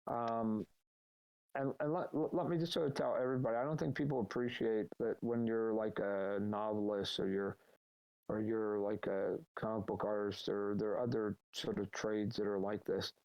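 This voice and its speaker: A middle-aged man, a guest in a casual live Q&A, telling animated, rambling stories over a voice chat call. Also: fairly low pitch, normal speed, highs cut off. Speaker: guest answering fan questions.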